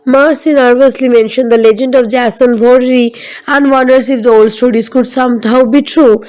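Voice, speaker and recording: A woman narrating a scripted film recap in a steady, even storytelling manner. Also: on the high side, moderate pace, rough recording.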